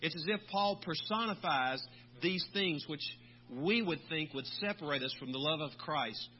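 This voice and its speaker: A man, a pastor, preaching a sermon in a measured way, slowing down on key words. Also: a little high, lively intonation. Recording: dull lo-fi recording with faint hum.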